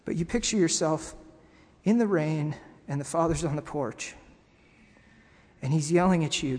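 Earnest pastor preaching in a reverberant hall. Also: male voice, a little high, a little mellow. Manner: earnest, pausing, halting restarts. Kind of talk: sermon. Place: church sanctuary.

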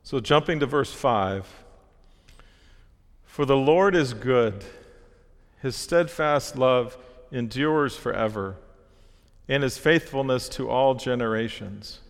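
A man's voice: mid-range voice, slow pace, pauses often. Man preaching in a reverberant hall. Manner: earnest, steady teaching with small restarts. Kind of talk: sermon.

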